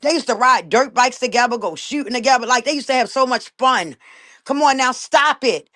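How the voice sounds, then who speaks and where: A woman's voice: on the high side, animated, brisk, pushed and bright. A woman talking on a casual livestream. She is emphatic and indignant, repeats her points and keeps calling out to "y'all".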